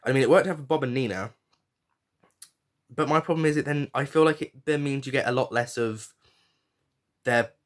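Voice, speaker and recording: A podcast host reviewing a reality show chats casually and frankly, swearing, using fillers and restarting his sentences. His voice is mid-range at a moderate pace, and he pauses often.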